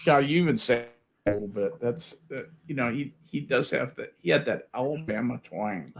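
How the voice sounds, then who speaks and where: A male podcast host in a casual group chat, talking haltingly with restarts and wry jokes. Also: mid-range voice, lively intonation, vocal fry, slight background noise.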